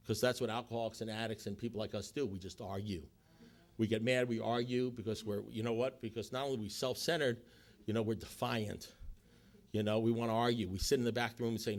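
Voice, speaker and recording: A middle-aged man speaks to a recovery group and tells his own story. He acts out the dialogue with quick asides and sometimes drops to a low, quiet voice to make a point. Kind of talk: testimony talk.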